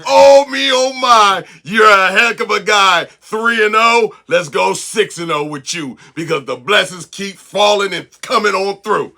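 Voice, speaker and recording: Gravelly, bright-voiced hype man. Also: sits high, measured pace, hardly any pauses. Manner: rhyming, sing-song hype delivery. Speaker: host. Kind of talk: hyped sports-betting talk.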